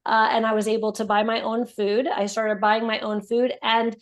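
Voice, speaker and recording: A woman guest on a podcast, telling her story in a casual, animated way, with lots of "like" and "you know". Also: fairly high pitch, moderate pace. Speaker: guest, brand founder.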